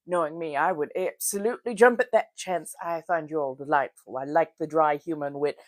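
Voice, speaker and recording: A woman's voice: deep voice, fairly quick, dry recording, studio quality. A woman from the United States, hosting a casual livestream, chatting and greeting viewers by name while she does her makeup. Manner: chatty, greets viewers warmly, frequent laughs. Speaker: livestream host.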